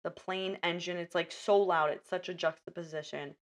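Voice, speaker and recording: With a fairly low pitch and a normal speed, a woman hosting a podcast chats casually through a film's scenes. She tells it vividly and acts out the characters' lines along the way.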